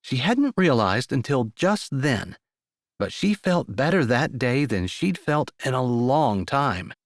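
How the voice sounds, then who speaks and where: Expressive male audiobook narrator. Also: medium pitch, slow pace, no echo, studio quality. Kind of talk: scripted narration.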